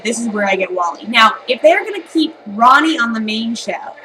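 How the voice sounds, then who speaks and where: Young woman, high-pitched, excitable, sarcastic fan chatter, faint background noise. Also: moderate pace. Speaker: trailer reactor. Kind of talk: casual reaction commentary.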